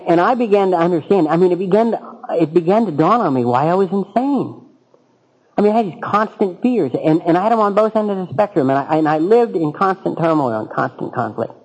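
Wry storytelling man, fairly high voice. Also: a little mellow, low-quality recording. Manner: wry, self-mocking storyteller. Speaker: recovering alcoholic telling his story at a meeting. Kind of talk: humorous personal storytelling talk.

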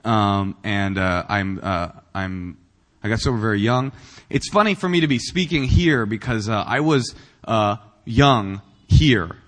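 A man's voice: on the low side, animated, a little slow, a bit bright, long reverb tail. A man from Northern California giving a humorous personal talk at a recovery meeting, rambling and self-mocking with many fillers and restarts. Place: meeting room.

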